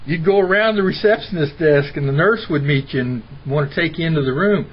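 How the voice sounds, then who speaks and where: A man's voice: a little high, animated, brisk, few pauses, breathy edge. A middle-aged man telling stories in an interview, argumentative and mimicking the people he quotes. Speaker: interview guest. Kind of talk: impassioned personal storytelling. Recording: dull lo-fi recording with faint hiss.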